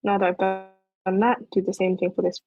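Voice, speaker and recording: A woman's voice: mid-range voice, level tone, moderate pace, dull audio, soft background music. A young woman presenting a casual 3D modeling tutorial, thinking aloud as she works, with loose fillers. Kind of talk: casual screen-recorded tutorial.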